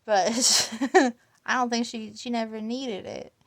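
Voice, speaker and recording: A woman's voice: a little high, steady tone, slow, fairly bright tone. A woman casually telling a family story, rambling and restarting often and laughing between lines. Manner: quotes family members in livelier voices. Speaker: vlogger.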